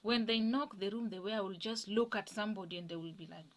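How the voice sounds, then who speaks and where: A young woman shares her testimony in an earnest storytelling voice at a middle pitch. She talks with animation and quiets down almost to a hush when a moment touches her. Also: fast. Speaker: guest sharing a personal testimony.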